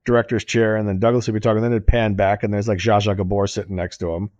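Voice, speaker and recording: A man with a lowish voice rambles through a story, circling back with lots of fillers and restarts. The sound is dry and close to the mic, in relaxed podcast chat. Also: quick pace, dry recording, dull audio. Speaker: podcast co-host. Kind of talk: casual chat.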